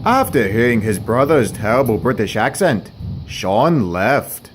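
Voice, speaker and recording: A man narrating a homemade toy-train story, plain and wry with deadpan asides. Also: mid-range voice, unhurried, slight background noise.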